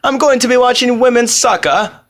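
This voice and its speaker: A man's voice: very high-pitched, a little fast, pitched above the performer's own voice. A man putting on an exaggerated British accent to play a posh royalist man as a joke. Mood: mock-posh. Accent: put-on British.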